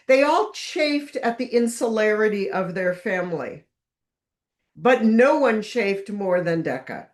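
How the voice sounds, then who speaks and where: A woman giving an author's talk, narrating over slides in a lively, wry storytelling manner with emphatic stresses. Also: medium pitch. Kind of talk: illustrated lecture with slides.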